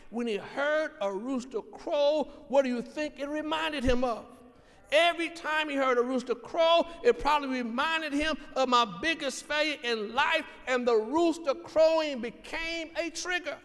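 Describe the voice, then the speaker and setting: High-voiced earnest preacher in a big hall. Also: male voice, a bit bright. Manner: earnest, emphatic, repeats key lines. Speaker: pastor. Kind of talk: sermon.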